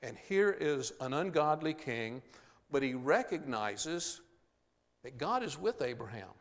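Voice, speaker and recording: A man's voice: on the high side, sing-song, a little slow, big-room sound. A man preaching a sermon, reading scripture aloud and then explaining it plainly with the odd uh. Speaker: pastor.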